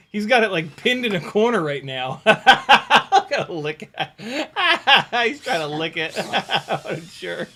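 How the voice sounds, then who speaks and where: A man chatting casually while flying a drone on a live stream, excitable, laughing and swearing, talking to his dog. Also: high-pitched, slow. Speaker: FPV drone pilot and streamer.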